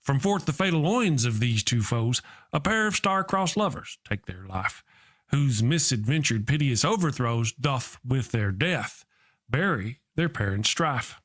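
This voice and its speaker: A man's voice: medium pitch, big pitch swings, a little slow, fairly bright tone. A man playing a boastful, folksy redneck cowboy who grandly hosts a Shakespeare comedy sketch and recites verse. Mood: dramatic. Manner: folksy, self-important showman.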